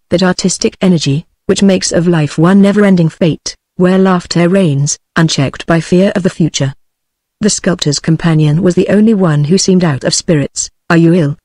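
A text-to-speech woman's voice with a British English accent, reading a classic novel aloud in an even synthetic manner. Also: lowish voice, no room sound, clean studio sound. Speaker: narrator.

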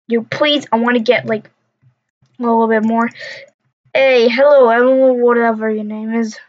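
A woman's voice: fairly high pitch, little pitch movement, a little slow. A young woman rambling through casual gameplay commentary, mumbling to herself and trash-talking other players. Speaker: gamer. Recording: dull lo-fi recording.

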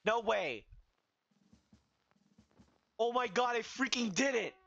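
An excitable young man talking through a boss fight, self-mocking and prone to yelling, his voice high and leaping all over. The sound is dull and lo-fi, with loud game music playing underneath. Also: slow, gravelly. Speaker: gaming video host. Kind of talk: live let's-play commentary.

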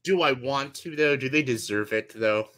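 A man's voice: medium pitch, normal speed, a crowd in the background. A man from Canada hosting a casual live-stream chat, joking around, swearing and laughing often. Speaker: channel host.

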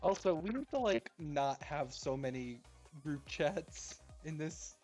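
A man's voice: fairly high pitch, lively intonation, takes it slowly, a little mellow. A man streaming an online game, chatting casually with friends and laughing often. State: hiccups. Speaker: gaming streamer. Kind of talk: casual gaming chat. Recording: faint game music behind.

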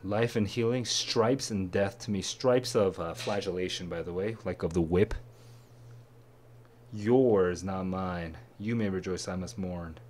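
A tired man with a lowish voice talks through a reading passage, thinking aloud in a musing, low-energy way. Faint noise hums underneath the recording. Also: steady tone, unhurried, darkish tone. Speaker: test prep tutor.

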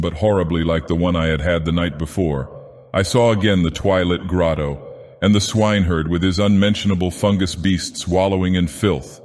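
Narrating an audiobook, a man voices an ancient, menacing god-king villain from a fantasy game, speaking slowly and gravely. His voice is low and natural, surrounded by long, echoing reverb.

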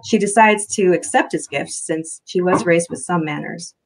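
A woman reads her own novel aloud in first person, soft and steady. Her voice sits low with a gravelly fry at the ends of phrases. The telling is unhurried and even. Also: slight background noise. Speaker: author reading her novel. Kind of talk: first-person book reading.

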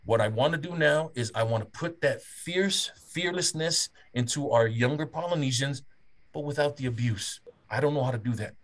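A man's voice: medium pitch, normal speed, a bit bright. A middle-aged man from Samoa, a guest speaker giving a candid personal testimony in a group session and often stumbling and repeating words.

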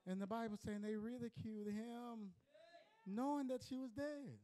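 A man preaching a sermon as pastor, emphatic, swinging from shouting to hushed lines with colloquial asides to the congregation. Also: very high-pitched, fairly even intonation, moderate pace, low-quality recording.

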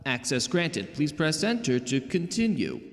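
A man doing a flat-voiced masked hacker. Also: on the high side, unhurried. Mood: mechanical. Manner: flat sung system announcements. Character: male hacker in a mask, system voice.

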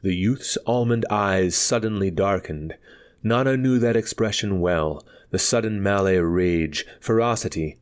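A man narrating a pulp story aloud in a measured, dramatic reading. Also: fairly low pitch. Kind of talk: audiobook narration.

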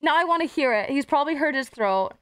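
High-pitched woman streaming, casual chatty, giggly, swears a lot. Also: lively intonation, fast, a bit bright. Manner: bubbly, giggly, swears freely. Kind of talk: casual live-stream chat.

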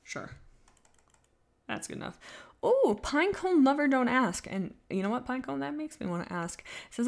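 A woman chatting casually on a live stream while she draws, rambling and poking fun at herself, sometimes trailing off quietly as she focuses. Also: high-pitched, animated, moderate pace, creaky. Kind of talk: casual livestream chat while drawing.

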